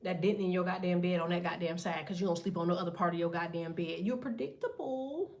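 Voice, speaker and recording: A woman's voice: lowish voice, flat delivery, fast talker, a little mellow. A woman giving a casual tarot reading, talking bluntly with heavy profanity and a preachy edge. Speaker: tarot reader.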